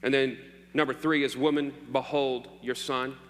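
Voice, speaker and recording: A man's voice: mid-range voice, flat delivery, normal speed, a bit bright. A man preaching a sermon as pastor, joking playfully with his congregation. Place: church hall. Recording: long hall reverb, faint hum.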